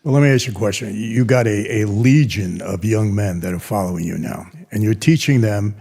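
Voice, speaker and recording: A man interviewing a guest, keeping to short questions and quiet backchannel replies. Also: a little fast, vocal fry, husky. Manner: brief, low-key questions and backchannels. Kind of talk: casual interview talk.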